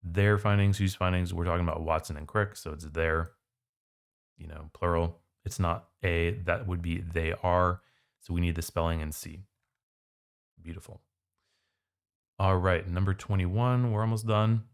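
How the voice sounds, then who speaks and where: Low-pitched guy casually walking thru sat questions like he's chatting. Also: steady tone, moderate pace, long pauses, clear, resonant tone. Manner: casual, conversational explaining. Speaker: SAT tutor. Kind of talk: test prep walkthrough.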